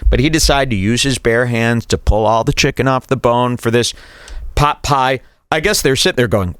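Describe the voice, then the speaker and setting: A man's voice: mid-range voice, moderate pace, fairly bright tone, smooth, no room sound. A man hosting a show, ranting incredulously while commenting over a video clip. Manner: incredulous, ranting, mock-quoting others. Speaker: show host reacting to a clip.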